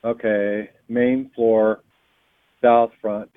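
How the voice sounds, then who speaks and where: Man, phone call, patient, hesitant fillers, low voice, tinny phone line. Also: level tone, very slow. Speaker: call recipient. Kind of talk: phone conversation.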